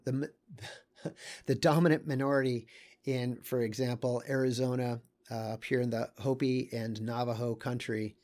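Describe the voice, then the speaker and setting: A man walks through a set of maps in a loose, unscripted lecture. He thinks out loud, stops and restarts, and fills his pauses with small asides. His pitch sits in the middle range. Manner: thinks aloud, halting, with many fillers and small asides. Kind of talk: casual lecture commenting on maps.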